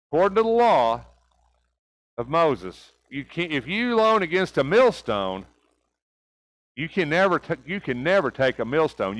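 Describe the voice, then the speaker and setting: A man's voice: mid-range voice, rough recording. A man teaching a church Bible class, asking rhetorical questions and often checking in with "right?".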